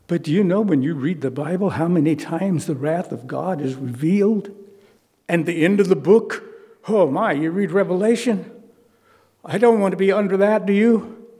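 A male pastor delivers a sermon in earnest, conversational tones, tossing rhetorical questions to his listeners. His voice sits a little high, with a dark, husky timbre. The sound carries a long reverb, as if it were filling a church hall.

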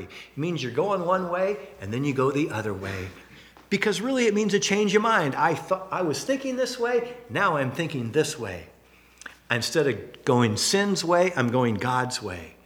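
A middle-aged male pastor preaching a sermon, telling stories with humorous asides. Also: on the high side. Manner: animated storytelling with humorous asides.

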